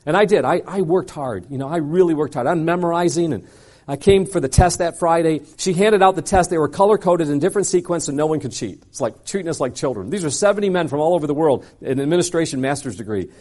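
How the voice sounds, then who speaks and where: Animated preacher man telling a story. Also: fast. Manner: animated, dramatic storyteller who acts out dialogue; swings between loud punchy lines and quiet low asides. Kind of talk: sermon storytelling.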